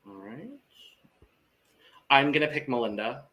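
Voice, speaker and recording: A man co-hosting a casual podcast, speaking slowly with a bright, clear tone. He reads through lists in an unhurried, measured rhythm. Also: medium pitch. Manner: measured, list-reading delivery. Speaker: podcast co-host.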